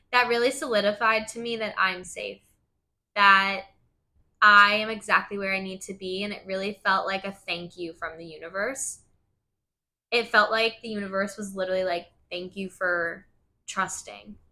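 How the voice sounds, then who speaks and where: A woman's voice: medium pitch, normal speed, pauses often, pushed and bright. A woman hosting a wellness podcast, telling a personal story in a casual, open way, swearing and saying "like" a lot. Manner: casual, swears, lots of "like" fillers. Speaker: podcast host.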